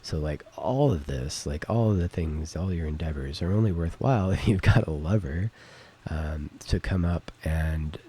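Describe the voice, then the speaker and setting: Middle-aged male host, deep husky voice, rambling reflective monologue, home studio mic. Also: normal speed, dark tone. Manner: rambling, lots of fillers and "right?". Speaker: podcast host. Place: home recording setup. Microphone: studio microphone with interface.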